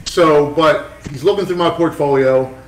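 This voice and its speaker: A man's voice: a little high, normal speed, reverberant, far from the mic, rough recording. A man, a tattoo artist, telling a long story in rambling, profane casual chat with many restarts.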